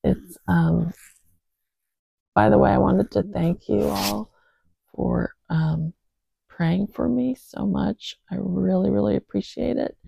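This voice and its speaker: A speaker with a husky morning voice, gently reading scripture and praying in a slow, reflective way. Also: medium pitch, steady tone, no echo. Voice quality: gravelly, husky. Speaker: Bible reader and host.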